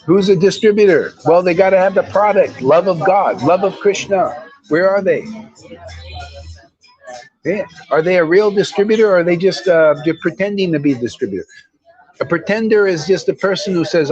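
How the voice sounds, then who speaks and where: A man's voice: high-pitched, moderate pace, a little mellow, lo-fi sound. A man giving an informal devotional talk as a spiritual teacher, blunt, preachy and full of slang.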